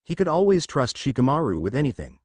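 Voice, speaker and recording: A man narrating a fan fiction story with a steady, expressive read. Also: mid-range voice, fast, no room sound.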